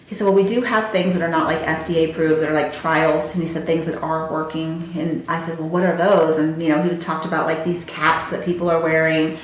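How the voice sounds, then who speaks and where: A woman's voice: deep voice, flat delivery, brisk, few pauses. Woman telling a story in an echoey room. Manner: conversational, emotional, retelling dialogue with heavy fillers. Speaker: podcast host. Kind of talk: personal storytelling.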